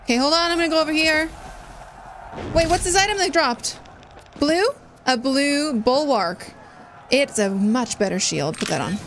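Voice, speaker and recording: A woman's voice: sits high, expressive, normal speed, pauses often, fairly bright tone, slight background noise. A woman streaming a game, thinking aloud in casual commentary and swearing freely.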